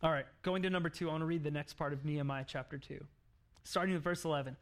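A man preaching a sermon, telling a story in an animated way with laughs and acted-out quotes. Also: fairly high pitch, quick pace. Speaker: pastor.

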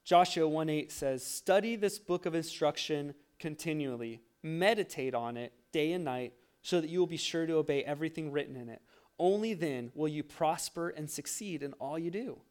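A man's voice: on the high side, lively intonation, moderate pace, darkish tone, clear, resonant tone. A young man preaching a sermon, telling a self-mocking personal story with laughter. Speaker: pastor.

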